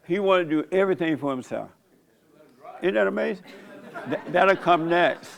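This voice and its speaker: A man's voice: sits high, animated, moderate pace, vocal fry, some chatter behind. An older man hosting a church discussion, talking in a folksy, joking way and laughing often. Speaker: host leading a church discussion. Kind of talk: casual preaching talk.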